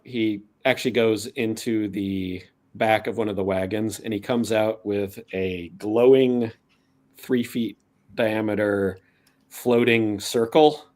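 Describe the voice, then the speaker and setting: A man narrating a tabletop game as game master, unhurried and rambling with many fillers. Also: lowish voice.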